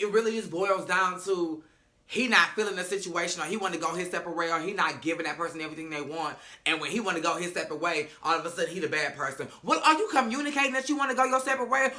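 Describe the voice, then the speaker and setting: A man's voice: high-pitched, sharp tone. A man giving a casual reality-show recap, sassy, emphatic and profane.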